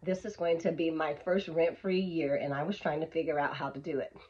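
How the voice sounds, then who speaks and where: A woman vlogger telling an animated, emphatic storytime, on a dull lo-fi recording. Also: sits low, brisk, breathy edge. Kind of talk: storytime vlog.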